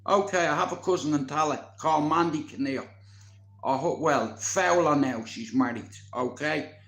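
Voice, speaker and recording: A man, telling a story in casual, animated chat, swearing constantly. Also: on the high side, normal speed, echoey room. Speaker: vlogger.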